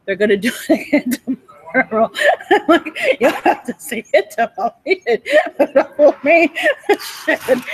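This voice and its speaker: A woman's voice: on the high side, slight background noise, poor audio. A woman in her forties talking in a rambling, profane monologue, often breaking into giggles. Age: 40s.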